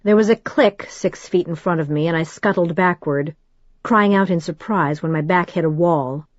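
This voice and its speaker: A woman reading a first-person audiobook in a measured, steady storytelling manner. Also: lowish voice, no room sound, dull audio. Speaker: audiobook narrator.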